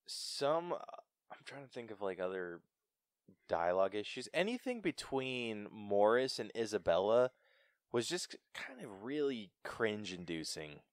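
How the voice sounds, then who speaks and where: A man's voice: fairly low pitch, big pitch swings, measured pace, dry recording. A man co-hosting a podcast, talking casually about a film in a laid-back way. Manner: laid-back, laughs easily, casual swearing. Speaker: podcast co-host. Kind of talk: casual film review chat.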